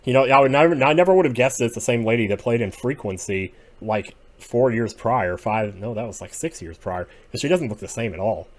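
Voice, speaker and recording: A man giving casual solo commentary as he ranks TV episodes, rambling and opinionated, drifting between quiet muttering and sudden outbursts. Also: medium pitch, lively intonation, fairly quick, few pauses. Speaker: video creator ranking TV episodes.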